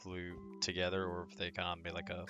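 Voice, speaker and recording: A young man playing a tabletop game, hesitant and quick to laugh in casual chat. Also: sits low, completely flat delivery, pushed and bright, dull audio, soft background music. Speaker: player.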